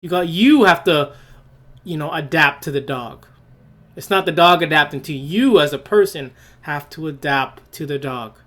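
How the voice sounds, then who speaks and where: Here a male podcast host holds forth in a solo opinion monologue, firing rhetorical questions with blunt scorn and repeatedly restarting phrases. His voice is a little high and fairly bright, at a moderate pace.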